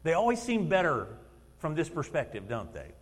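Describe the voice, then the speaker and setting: A man in his fifties preaching a sermon in a church, telling stories in an animated way, acting out quotes and laughing often. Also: a little high, moderate pace. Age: 50s. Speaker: lay preacher and schoolteacher. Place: church sanctuary. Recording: long reverb of a church hall.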